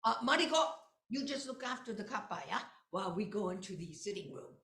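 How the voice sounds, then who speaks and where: A woman's voice: mid-range voice, lively intonation, a little fast, fairly bright tone, natural voice. Woman doing a hearty, bossy village mayor. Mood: jovial. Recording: echoey room.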